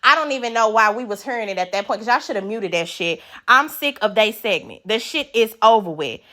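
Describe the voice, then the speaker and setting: A woman's voice: medium pitch, fairly quick. A woman giving a casual, blunt recap of a reality show, swearing freely and acting out the cast's lines. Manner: animated, blunt, swears, acts out quotes in a raised voice.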